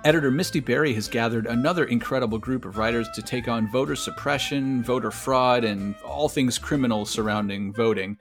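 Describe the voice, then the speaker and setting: A man's voice: mid-range voice, fairly quick, hardly any pauses. A man hosts a casual interview chat, teasing his guests with dry jokes. Faint music sits behind his voice. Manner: teasing, joking. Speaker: podcast host.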